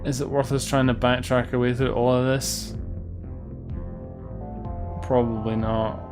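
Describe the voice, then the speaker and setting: A man's voice: mid-range voice, level tone, a little slow. Let's play host, male, rambling and swearing, mid-range voice, synth game music under the talk. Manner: rambling, sardonic, swears often. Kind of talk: casual gameplay commentary. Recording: game music clear behind voice.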